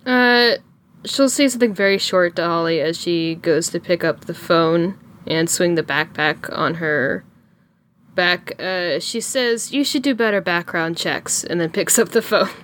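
A woman's voice: fairly low pitch, a little slow, fairly bright tone, slight background noise. Woman player in a tabletop game.

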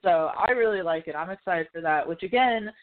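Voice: medium pitch, brisk. A podcast host chatting casually about films, rambling with lots of fillers and frequent swearing. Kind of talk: casual pop-culture chat. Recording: phone-like narrow band.

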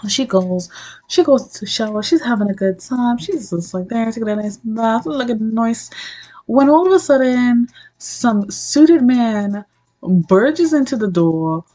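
A young woman chatting casually about a webtoon, excitable and profane, acting out the characters' lines in quick asides. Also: a little high, rough recording. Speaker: book reviewer. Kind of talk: casual chat, recapping a webtoon.

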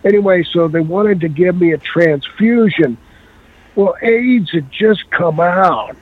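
A man telling a long story in a casual, animated way and acting out the voices of the people in it. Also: high voice, a little slow, no echo. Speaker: guest. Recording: tinny phone-like line.

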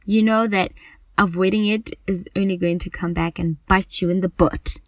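A woman's voice: mid-range voice, steady tone, moderate pace, no echo. A woman podcast host speaking earnestly and emphatically about anxiety in a personal monologue, often repeating herself for stress.

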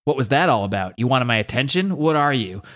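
Guy reading as a cold clever green brute, plain voice, mid pitch. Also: expressive, quick pace, fairly bright tone, lightly acted. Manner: read aloud in plain voice. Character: calm, intelligent male green brute, cold.

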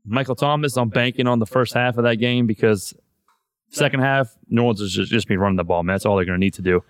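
A man's voice: medium pitch, fast, no echo, studio quality. A man hosting a podcast in casual chat, loose and profane, saying "man" all the time. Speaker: podcast host.

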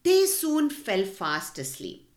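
A woman's voice: on the high side, wildly swooping pitch, slow. A woman narrating a children's storybook expressively, speaking to the children directly. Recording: echoey room.

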